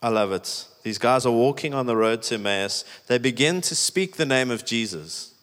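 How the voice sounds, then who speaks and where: Pastor preaching in echoey hall. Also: male voice, mid-range voice, animated, moderate pace, a bit bright. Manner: conversational, emphatic preaching with many "like"s. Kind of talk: sermon. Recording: echoey hall with long reverb.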